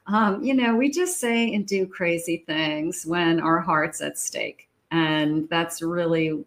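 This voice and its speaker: A woman's voice: fairly low pitch, measured pace. A middle-aged woman giving a tarot reading in a chatty way, often acting out quoted lines and laughing. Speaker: tarot reader. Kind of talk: casual tarot reading monologue.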